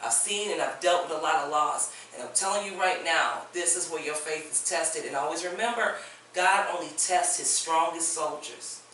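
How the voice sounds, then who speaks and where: A woman's voice: low-pitched, normal speed, a bit bright. A woman co-hosting a podcast, offering an earnest prayer and words of encouragement in a preaching cadence. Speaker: podcast co-host. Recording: echoey room, far from mic, faint noise.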